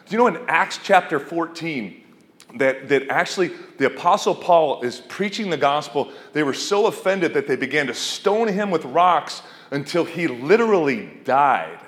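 A man's voice: a little high, animated, normal speed, a bit bright. A male pastor preaching a conversational sermon, often asking his congregation questions. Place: church hall. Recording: reverberant hall.

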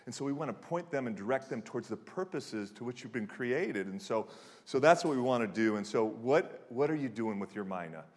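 Pastor in his forties, mid-pitched, preaching casually with stops and restarts, long hall reverb. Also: lively intonation, brisk, a little mellow. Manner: conversational storytelling with frequent restarts and fillers. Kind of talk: sermon.

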